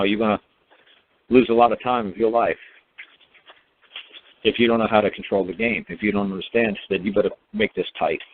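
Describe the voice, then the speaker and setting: A man with a fairly low voice talks through a casual advice monologue in a folksy, rambling, plain-spoken way. He comes through a thin, tinny phone line with the lows and highs cut off. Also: a little hiss or hum. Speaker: host.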